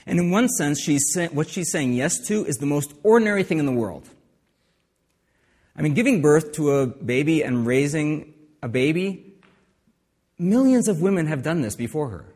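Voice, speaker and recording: A man's voice: a little high, big pitch swings, normal speed, pauses often, darkish tone, husky. Man preaching in a reverberant hall. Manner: conversational preaching with asides and restarts. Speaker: pastor. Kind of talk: sermon.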